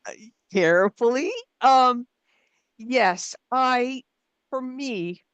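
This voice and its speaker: Speaking extremely slowly in a smooth, high-leaning voice, a middle-aged woman who writes books and coaches writers responds to an interviewer conversationally. She comes across as reflective and modest about herself, with filler words and restarted sentences. The recording is muffled, without room sound.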